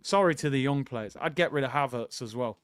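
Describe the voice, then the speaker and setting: A man's voice: mid-range voice, a little fast, clean tone, dry recording, studio quality. A man hosting a live football watchalong, talking casually and giving blunt opinions straight to his viewers. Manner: casual, opinionated, conversational, addresses viewers directly. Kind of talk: live watchalong commentary, reading out chat.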